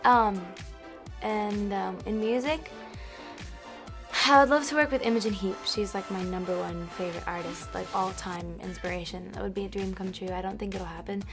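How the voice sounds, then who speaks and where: A young woman chats through an interview in a bubbly, giggly way, her speech full of "like" and "um". Her voice sits at an ordinary middle pitch. Faint music plays underneath. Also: steady tone, normal speed. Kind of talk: casual interview chat.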